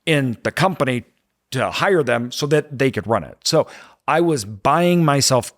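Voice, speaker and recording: A man's voice: mid-range voice, expressive, a little slow, fairly bright tone, no room sound, studio quality. Earnest man hosting a podcast interview. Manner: earnest, reflective, repeats words for emphasis. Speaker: podcast host. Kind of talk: conversational interview.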